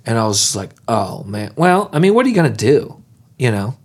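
A man's voice: mid-range voice, fast. A man co-hosting a casual chat, telling stories and acting out the people in them. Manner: storytelling, animated with quoted voices. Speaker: co-host.

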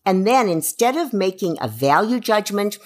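Lively woman giving parenting advice. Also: medium pitch, moderate pace. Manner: expressive, acts out what parents and children say. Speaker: educational psychologist co-host. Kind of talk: podcast parenting advice chat.

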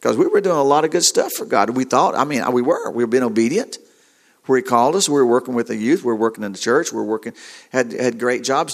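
A middle-aged man preaching a sermon, telling a story in a halting, earnest way with many repeated words. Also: medium pitch, animated.

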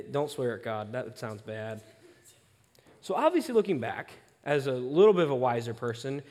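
Animated young man preaching in a reverberant hall. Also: a little high. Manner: animated storytelling with self-aware asides. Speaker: pastor. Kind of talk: sermon.

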